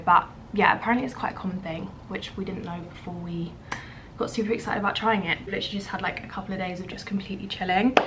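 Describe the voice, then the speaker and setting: A woman's voice: mid-range voice, a bit bright. A young woman, chatting casually to a handheld camera as a travel vlogger and peppering her talk with "like". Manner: chatty, filler-heavy, says "like" often. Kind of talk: casual vlog chat to camera. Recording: noisy handheld vlog audio.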